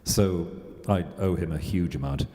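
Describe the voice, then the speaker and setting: A man speaking on a panel in a measured, reflective way. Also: deep voice, dark tone. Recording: hall reverb.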